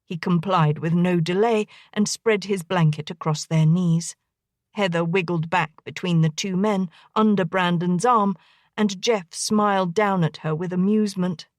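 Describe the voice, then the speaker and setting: A woman reading a historical romance audiobook as narrator, in an even, gentle manner on a close studio mic. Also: lowish voice, unhurried, no room sound. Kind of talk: scripted narration.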